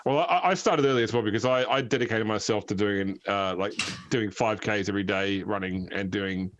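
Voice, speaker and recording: A man's voice: fairly low pitch, a little fast, dull audio, background noise. A man chatting casually after a tabletop game, rambling and self-deprecating. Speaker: player. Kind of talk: casual chat.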